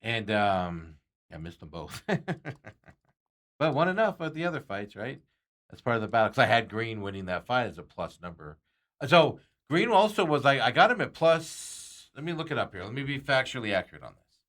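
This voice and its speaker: A man's voice: mid-range voice, sing-song, moderate pace, fairly bright tone. A man hosting a sports talk show, chatting casually and rambling with frequent chuckles.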